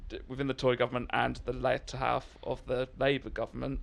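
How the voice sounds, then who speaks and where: Gravelly young man, earnestly arguing. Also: mid-range voice, monotone. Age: young adult. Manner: halting, restarts, earnest arguing. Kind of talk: political debate.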